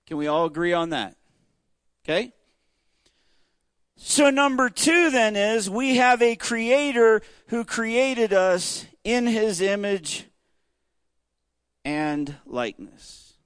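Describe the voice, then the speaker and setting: A man's voice: high voice, expressive, takes it slowly, pauses often, a bit bright, clear, resonant tone, no room sound. A man teaching an interactive church Bible study, asking the group questions in a conversational, emphatic way.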